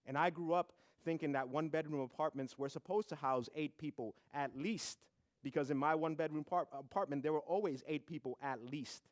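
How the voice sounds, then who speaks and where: A young man from the South Bronx giving a humorous, animated storytelling talk. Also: on the high side, fairly quick. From South Bronx, New York. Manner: humorous, animated storytelling with acted family quotes.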